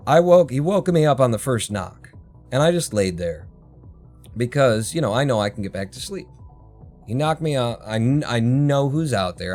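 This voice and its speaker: A man's voice: on the low side, a little mellow. A man hosting a livestream, telling a story as a heated, heavily profane rant from home. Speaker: livestream host. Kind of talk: casual ranting story. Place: home, indoors.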